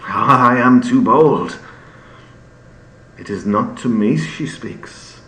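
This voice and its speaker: A man's voice: medium pitch, pushed and bright. A man reading Romeo, lovestruck young poet. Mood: tender. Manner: declaiming verse slowly. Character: lovestruck young male Romeo, poetic and hyperbolic. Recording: echoey room with faint ambience.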